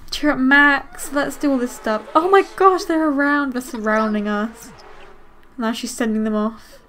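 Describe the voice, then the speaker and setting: A young adult woman hosting a casual let's-play, thinking aloud and gasping excitedly as she plays. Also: sits high. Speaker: gaming host.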